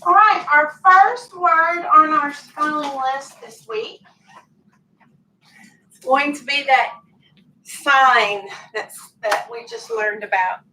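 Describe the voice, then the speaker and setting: A woman teaching phonics in a classroom, her voice high and bright. She talks slowly and patiently, drawing out each explanation so young students can follow. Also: slight background noise, poor audio. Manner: patient, clear, drawn-out instructional speech.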